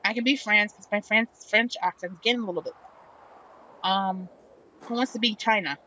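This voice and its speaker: A woman's voice: medium pitch, moderate pace, sharp tone, highs cut off, slight background noise. A woman hosting a casual game playthrough, chatting and reading the game's lines aloud with playful drama. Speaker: let's play host.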